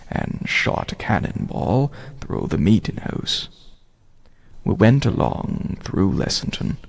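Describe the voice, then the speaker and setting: A man doing a gravelly colonial militiaman. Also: deep voice, pitched below the performer's own voice, heavily acted. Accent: reconstructed 18th-century Merrimack Valley Massachusetts. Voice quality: gravelly, husky. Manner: slow plain diary-style recounting. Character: 18th-century colonial militiaman recounting his march.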